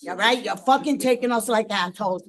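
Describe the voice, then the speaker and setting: An enraged woman, a resident at a public meeting, shouting, swearing and repeating herself in fury. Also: medium pitch, a little fast. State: furious, agitated. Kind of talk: heated outburst at a community board meeting. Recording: distant room audio from a meeting.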